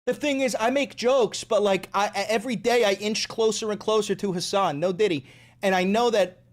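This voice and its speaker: An American man doing live stand-up comedy on stage, with brash, crude and excitable rants. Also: high voice, moderate pace. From United States.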